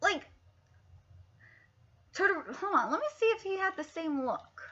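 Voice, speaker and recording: A woman reacting live to a manga chapter, excitable, swearing often and laughing as she talks. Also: very high voice, a little slow, muffled recording.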